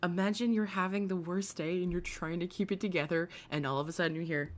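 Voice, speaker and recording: A woman's voice: lowish voice, steady tone, fast, hardly any pauses, slight background noise. A woman hosting a casual commentary livestream, chatty and gossipy, swearing freely and greeting viewers by name. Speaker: livestream host.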